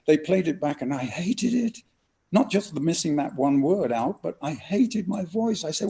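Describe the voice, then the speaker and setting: An older man, an actor and narrator, telling lively anecdotes and acting out voices in an interview. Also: on the high side, moderate pace, creaky. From England. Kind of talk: storytelling interview guest.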